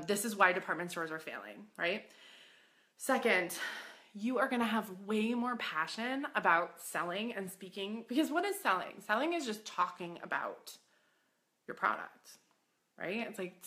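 Female host, upbeat retail coach; bright forceful tone, chatty, quick to laugh. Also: mid-range voice. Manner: excitable, chatty, laughs often, acts out yelps. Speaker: podcast host and boutique business coach. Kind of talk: energetic coaching talk.

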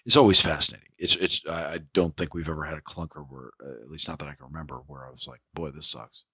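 A man hosting a podcast, speaking with a hoarse, ragged voice in a rambling way, full of fillers and restarts. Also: rumbling low, steady tone, fast talker, bright, forceful tone, no room sound. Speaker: podcast host. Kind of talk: spoken podcast intro.

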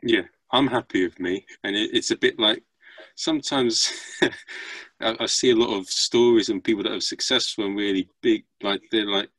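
Low-voiced man hosting a podcast. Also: steady tone, moderate pace, fairly bright tone, dry recording, rough recording. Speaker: podcast host. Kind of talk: podcast interview.

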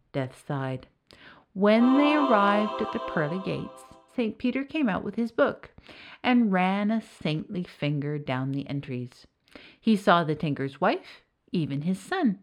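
Expressive woman storyteller. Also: mid-range voice. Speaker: narrator and author. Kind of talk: storybook narration.

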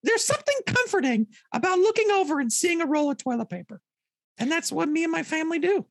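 A bubbly puppet toilet paper roll, chatty and jokey. The voice sits very high and leaps all over the place. It sounds dry and close. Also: male voice, lively intonation, fast, creaky, dry recording, exaggerated voice. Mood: chirpy. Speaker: puppet guest. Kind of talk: comic puppet interview.

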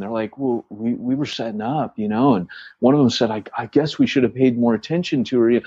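The church planter co-hosting this podcast has a creaky, mid-range voice with a breathy edge and speaks fairly quickly. He tells a story in casual conversation, restarting often and acting out quoted lines. There's no echo, and the highs are cut off.

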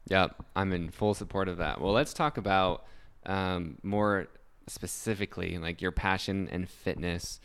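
A woman hosting a podcast who asks short questions and gives steady, supportive backchannels. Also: very deep voice, measured pace, smooth. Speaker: podcast host. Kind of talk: interview questions.

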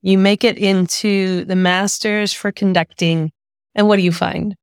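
A woman hosting an interview, asking questions in a deliberate, empathetic way. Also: medium pitch, steady tone, clean tone, dry recording, clean studio sound. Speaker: podcast host.

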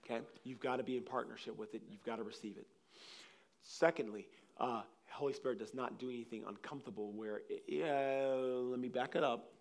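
A man preaching a sermon, telling personal stories in a rambling, animated way, with frequent restarts. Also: medium pitch, fairly quick. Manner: animated, acts out scenes with loud laughter and shouts; rambling, restarts sentences often.

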